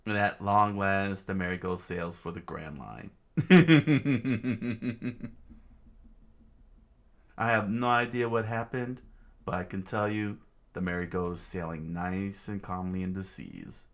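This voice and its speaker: A man's voice: low-pitched, steady tone, normal speed, fairly bright tone. A man reading a comic aloud in a casual, rambling way, full of fillers and side comments. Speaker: comic reader. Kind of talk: casual read-along narration.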